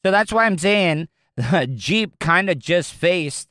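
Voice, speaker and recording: A man's voice: high voice, expressive, slow, bright, forceful tone, clear, resonant tone, no room sound, studio quality. Blunt Southern radio host man. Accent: Southern American. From American South. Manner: blunt, rambling, conversational. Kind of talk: opinionated talk radio monologue.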